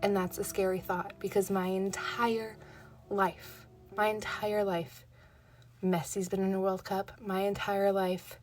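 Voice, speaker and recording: A woman's voice: mid-range voice, flat delivery, a little slow, a little mellow. A woman soccer fan talking casually to camera, piling up exasperated rhetorical questions in a rambling way. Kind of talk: casual vlog talk to camera.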